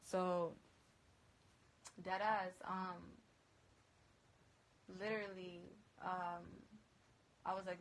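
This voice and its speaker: A woman's voice: on the low side, little pitch movement, very slow, pauses often, rough recording. A woman DJ telling a story in casual, profane slang on a phone livestream, rambling with lots of fillers.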